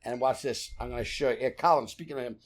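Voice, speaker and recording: A man's voice: mid-range voice, quick pace. A man with a Brooklyn accent, a guest actor telling blunt, profane stories and acting out the scenes. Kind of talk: animated storytelling.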